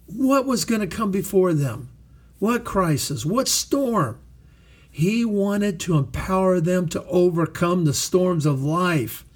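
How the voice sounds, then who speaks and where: A middle-aged man preaching a sermon as pastor, slow and emphatic, repeating phrases for weight. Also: high voice, a little mellow.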